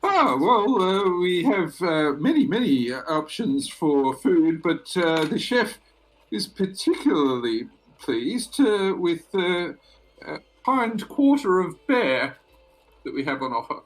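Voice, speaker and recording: Male GM doing a high falsetto female innkeeper, eager to please, chatty. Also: big pitch swings, slow, exaggerated voice, rough recording. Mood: eager hostess.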